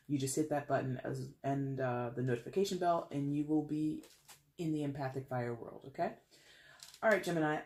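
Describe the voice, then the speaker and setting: A tarot reader talks straight to the camera in a blunt, sassy way, swearing freely and rambling with quick restarts. The voice sits at a middle pitch. The recording has a noticeable echo from the room. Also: a little mellow. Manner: chatty, with laughs and restarts. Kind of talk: casual solo reading to camera. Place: alone in a room at home. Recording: echoey room.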